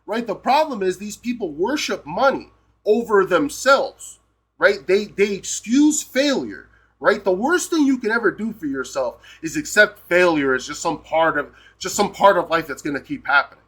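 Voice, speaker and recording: A man's voice: sits high, expressive, moderate pace, fairly bright tone, breathy edge. A man from the United States ranting heatedly on a live stream, swearing a lot and tagging "right?" onto his points. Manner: profane, repeats "right?" constantly, heated.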